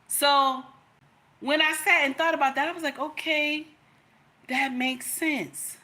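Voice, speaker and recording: A woman's voice: sits high, steady tone, takes it slowly, pushed and bright. A woman, giving an emphatic, storytelling opinion monologue in which she repeats her points. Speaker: content creator.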